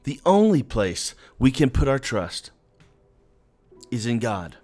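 A man's voice: mid-range voice, big pitch swings, measured pace, faint music behind. A man giving an earnest, conversational devotional talk, speaking directly to the listener.

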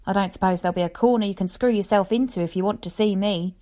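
A woman's voice: mid-range voice, warm tone, natural voice. Woman reading as a leisurely old lion tamer. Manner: rambling, folksy, unhurried telling. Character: old male lion tamer, leisurely pipe-smoking storyteller.

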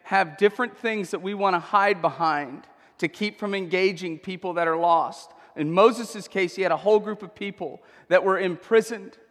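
A man preaching in a church with a high, bright voice and an emphatic, conversational delivery. He punctuates his points with quick check-ins to the crowd. His words trail off into a long hall reverb. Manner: conversational, emphatic, frequent tag questions. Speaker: pastor. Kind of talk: sermon.

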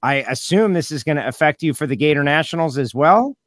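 A man hosting a casual racing talk show, animated and chatty, acting out quotes and using lots of "like". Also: on the high side, fast, no room sound, studio quality. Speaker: host. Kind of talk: casual radio show chat.

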